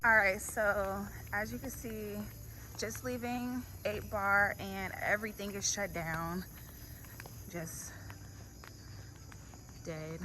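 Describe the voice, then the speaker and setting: A woman's voice: medium pitch, steady tone, slow pace, pauses often. A young woman vlogging on a walk, chatty and out of breath as she heads uphill. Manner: chatty, walking uphill while talking. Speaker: travel vlogger. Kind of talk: casual vlog narration. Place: outdoors on a hillside street at night. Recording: outdoor noise with crickets.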